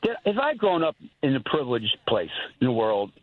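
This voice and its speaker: A man's voice: mid-range voice, big pitch swings, fairly quick, dry recording. An older man calling in to a talk show, rambling and earnest as he repeats himself. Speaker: caller. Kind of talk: casual call-in chat. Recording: tinny phone line.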